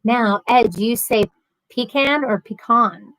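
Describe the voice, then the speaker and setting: A woman with a fairly high voice hosts a casual livestream. She reads viewer comments aloud and chats back with sarcastic humor. The sound is dry and close, with no room echo. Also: measured pace, a bit bright. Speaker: livestream host.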